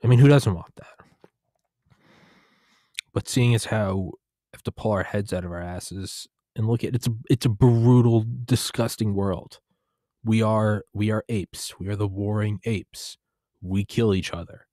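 A young man with a deep, low voice rambles through a casual monologue. He swears freely and keeps restarting his sentences. The sound is close and dry. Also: fairly even intonation, a little slow, dark tone, no echo. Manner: profane, digressive, restarts often.

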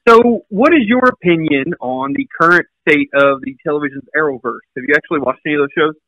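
A man with a Kentucky accent hosting a casual podcast interview, chatty and quick to laugh. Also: on the high side, no room sound, muffled recording. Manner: chatty, laughs between lines. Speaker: podcast host. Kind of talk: casual chat.

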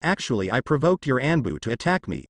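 A man playing a tall, deep-voiced fighter who answers in a curt, unbothered way, with a lively pitch. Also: fairly quick, no echo, clean studio sound. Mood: bored, blunt.

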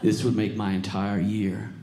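A man voicing an older male arcade fan who starts out pleading and turns shrill and giddy. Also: monotone, unhurried, close to an everyday voice. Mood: wistful. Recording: roomy stage recording, faint noise.

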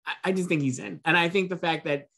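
Man, higher-pitched voice, relaxed wry awards pundit. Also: fast talker, gravelly. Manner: easygoing and wry, lays out arguments. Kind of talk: casual panel discussion.

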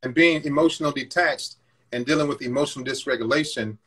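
A man's voice: medium pitch, fast talker, a bit bright, husky. A man guest candidly recounting his past treatment of a partner, blunt and stumbling, acting out what he used to say. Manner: blunt, repeats words, acts out his past self. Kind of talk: candid personal confession.

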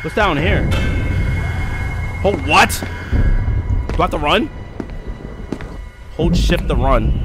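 A man's voice: a little high, animated, takes it slowly, long pauses, loud music behind the voice. A young man livestreaming a game, chatting casually, greeting viewers by name and reacting jumpily. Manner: hyped, greets chat by name, jumpy reactions. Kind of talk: casual gaming commentary.

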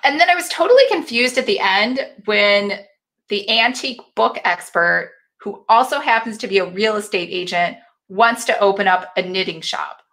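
A woman's voice: mid-range voice, expressive, moderate pace, fairly bright tone. A woman hosting a casual live book club chat, laughing often and reading viewer comments aloud.

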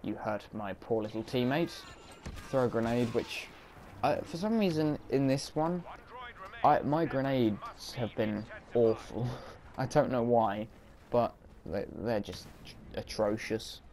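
A man's voice: mid-range voice, slow pace, darkish tone, a little hiss or hum. Chatty man narrating his gameplay. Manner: chatty, self-mocking, reacts on the fly. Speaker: gaming commentator. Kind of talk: casual gameplay commentary.

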